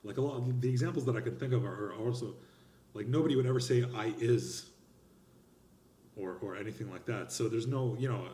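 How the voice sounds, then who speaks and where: Male speech instructor, mid pitch, emphatic and expressive, recorded in a roomy space. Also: fast talker, a little hiss or hum. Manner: emphatic and expressive, lively gestures. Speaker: college instructor. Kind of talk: recorded lecture on speech grading.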